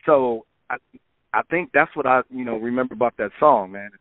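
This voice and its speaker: A man's voice: mid-range voice, a little fast, no echo. Laid-back man telling studio stories, phone-line sound. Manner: laid-back, peppers talk with "man" and "you know". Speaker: record producer guest. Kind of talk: casual interview storytelling.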